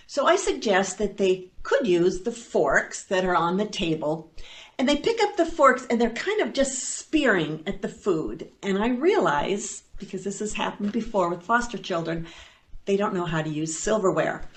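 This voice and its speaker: A woman tells a personal story to an audience, her voice sitting at an everyday middle pitch. She speaks as a foster parent, animated and playful. Dry little asides slip in between the lively parts. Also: normal speed.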